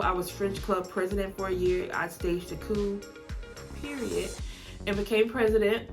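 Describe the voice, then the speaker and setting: A young woman with a Southern American accent, rambling casually through a get-to-know-me video, with lots of "like" and frequent laughs. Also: mid-range voice. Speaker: vlogger.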